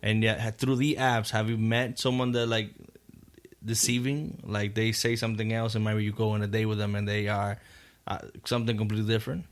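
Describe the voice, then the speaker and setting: A man's voice: on the low side, level tone, brisk. A man co-hosting a podcast in loose, chatty casual conversation. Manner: loose, chatty, trails into restarts. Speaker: podcast co-host. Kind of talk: casual chat.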